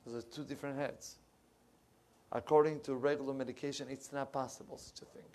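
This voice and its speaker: Impassioned rabbi preaching a sermon. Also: male voice, medium pitch, steady tone, fairly quick. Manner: impassioned, rising loud when telling stories, dropping to soft asides; searches for English words mid-sentence. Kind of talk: sermon with storytelling. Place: synagogue.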